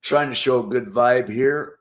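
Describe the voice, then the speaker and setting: A man's voice: mid-range voice, unhurried. A man hosting a live chat stream, rambling in a casual, joking way and humming bits of songs between comments. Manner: rambling, hums and sings snippets between chat; laid-back, joking. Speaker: live show host.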